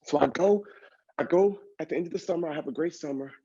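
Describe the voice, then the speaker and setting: A man giving a motivational keynote, telling an animated personal story and talking straight to the audience in a conversational way. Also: on the high side, fast, husky. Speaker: motivational speaker. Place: event stage. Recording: dull lo-fi recording.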